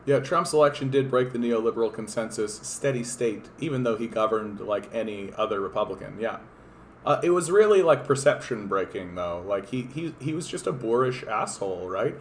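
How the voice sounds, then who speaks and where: A man's voice: fairly low pitch, expressive, brisk, slight background noise. A man from Canada hosting a political livestream, talking in a casual, rambling, profane and sardonic way with lots of fillers and restarts.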